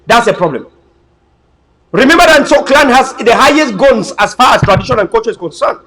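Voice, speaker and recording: A man's voice: extremely high pitch, animated, brisk, bright, forceful tone, rough recording. A man giving an impassioned political talk, emphatic and preachy, repeating himself and stumbling over words. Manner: emphatic, repetitive, preachy, with frequent stammered restarts. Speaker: political commentator.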